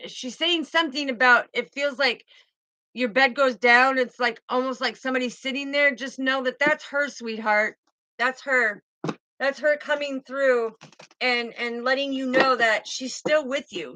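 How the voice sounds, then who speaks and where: Woman doing a tarot reading, high voice, calls everyone sweetheart, dry close mic. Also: unhurried, pushed and bright, dry recording, rough recording. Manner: soothing, calls viewers sweetheart and baby girl. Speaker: tarot reader.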